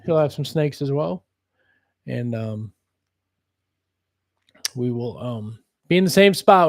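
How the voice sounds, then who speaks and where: Man on a home livestream, slightly high, unhurried gravelly voice, rambling casual chat. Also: no room sound. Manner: rambling, chats to his cat in a soft voice. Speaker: snake breeder livestreaming. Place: room at home.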